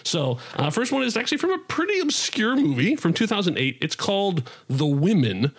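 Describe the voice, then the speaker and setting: A man co-hosting a casual comedy podcast, talking about movies in an expressive way and reacting quickly. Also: high voice, husky. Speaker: podcast co-host. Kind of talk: casual chat.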